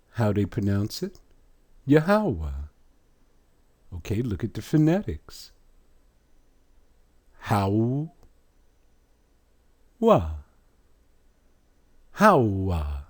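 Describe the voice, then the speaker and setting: A man teaching in an unhurried, drawn-out way, with a low, husky voice. His pitch rises and falls a lot as he puts question after question to his listeners. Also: darkish tone. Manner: drawn-out, deliberate, asks rhetorical questions. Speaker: religious teacher. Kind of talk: slow pronunciation lesson.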